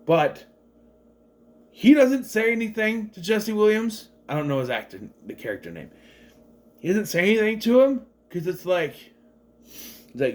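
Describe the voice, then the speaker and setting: A man reviewing a movie in a loose, rambling way, full of fillers and false starts. His voice sits fairly high for a man and swings widely up and down as he gets animated. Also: unhurried, pauses often. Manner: rambling, chatty, many fillers and restarts; animated, acts out the characters' lines.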